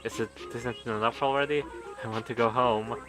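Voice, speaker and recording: A timid young man who stumbles over his words and pleads in a hushed voice, as a man reads him out. His pitch is middle. Game music sits clearly underneath. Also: fairly even intonation, fairly quick, lightly acted. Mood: pleading. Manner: hesitant, stammering, quiet. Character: timid frightened young man begging forgiveness.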